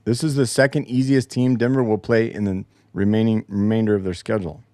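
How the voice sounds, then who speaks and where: Recorded dry and at studio quality, this podcast host has a fairly low, darkish voice and a steady, brisk delivery. Alone on a casual show in his home basement, he swears his way through an exasperated account of a broken game recording.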